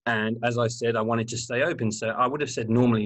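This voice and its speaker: A man talks earnestly as an interview guest, recounting his own past with animated energy. He repeats words for emphasis and lets the odd swear word slip. His voice sits at an ordinary middle pitch. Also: quick pace. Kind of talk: candid personal storytelling.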